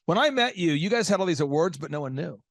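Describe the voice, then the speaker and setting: A man hosting a business interview show, asking pointed questions in an energetic, teasing, emphatic way. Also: fairly high pitch, quick pace, gravelly, dry recording, clean studio sound. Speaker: business podcast host.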